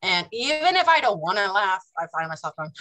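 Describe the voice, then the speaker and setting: A woman, a mother of young kids, talking as a guest in a casual spiritual conversation, animated and acting out quotes from her family. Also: medium pitch, a little fast, low-quality recording.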